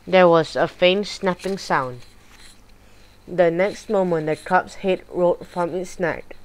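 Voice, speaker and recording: Woman audiobook reader, low voice, very slow and deliberate storybook narration. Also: rough recording. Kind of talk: audiobook narration of a horror chapter.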